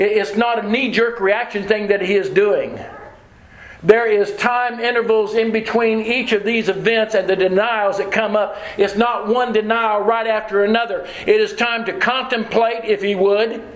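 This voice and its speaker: A male preacher delivers a sermon in a high voice, driving his points home through deliberate repetition. His words ring out in an echoey church room. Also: steady tone, fairly bright tone.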